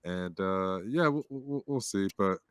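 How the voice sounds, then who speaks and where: A man's voice: low voice, expressive, a little slow, clean tone, dry recording, studio quality. A man guesting on a podcast, laid-back in casual chat.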